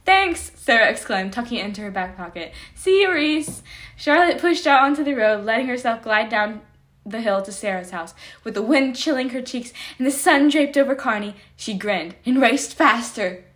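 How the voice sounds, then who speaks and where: A woman's voice: a little high, animated, moderate pace, a bit bright. Giggly self-mocking young-sounding woman. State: hoarse. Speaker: podcast host. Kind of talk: reading old stories aloud with asides.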